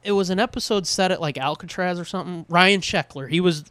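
A man co-hosting a podcast, chatting casually with lots of swearing and quick voice impressions. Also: sits high, smooth, no echo. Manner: animated, swears a lot, mimics voices. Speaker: podcast co-host. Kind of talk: casual profane chat.

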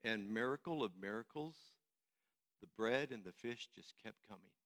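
A male pastor preaching a sermon, swinging from hushed, low passages to loud, emphatic ones. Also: expressive, moderate pace.

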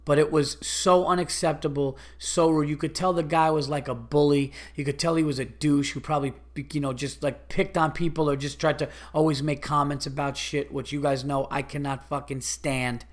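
A young man tells a story on his podcast, his voice sitting a little higher than most men's. He talks casually and swears often, and he keeps getting more exasperated as he goes. He drops into quick little impressions of the people he's talking about. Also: fairly even intonation. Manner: profane, exasperated, mimics others in quick asides. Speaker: podcast host.

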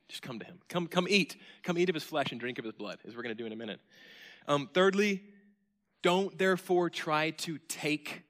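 A man preaching a sermon to his church congregation, earnest and emotional, swinging from loud emphasis down to near-whispers. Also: mid-range voice. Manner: earnest, emotional, admits crying mid-sermon. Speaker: pastor. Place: church sanctuary.

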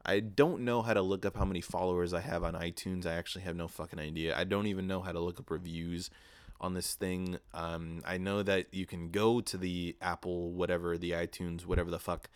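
A young man hosting his own podcast, telling a profane, animated story with mock-quoted asides. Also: low-pitched, fairly quick, clean tone, no echo. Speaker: podcast host. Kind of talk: casual solo podcast rant. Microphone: podcast microphone.

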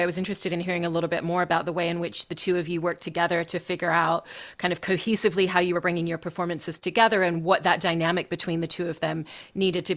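A woman moderating a panel, asking long, fluent questions. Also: on the low side. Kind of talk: interview questions.

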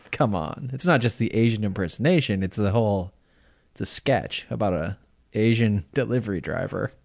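A man's voice: on the low side, normal speed, creaky. A man co-hosting a comedy podcast, chatting casually with dry wisecracks. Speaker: podcast co-host.

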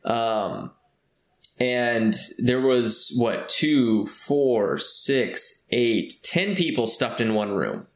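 A man's voice: mid-range voice, expressive, very slow. Man, from California, casual rambling storytelling, lots of fillers, roomy echo. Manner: rambling, with many fillers and restarts.

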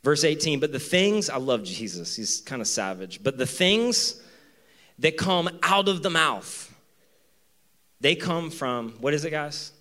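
A man preaching a sermon to his church, animated, acting out voices in the story and moving between loud emphasis and quiet asides. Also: fairly high pitch, measured pace. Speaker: pastor. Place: church with two campuses.

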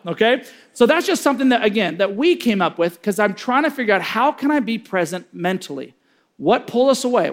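A middle-aged man giving a sermon-style talk on parenting, telling stories and acting out the voices in them. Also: high-pitched. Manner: storytelling, acting out quoted voices with big swings.

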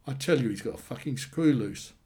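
A man's voice: medium pitch, animated, brisk, a little mellow, lightly acted. A man voicing an angry young man in his twenties who swears bluntly and bitterly about his father.

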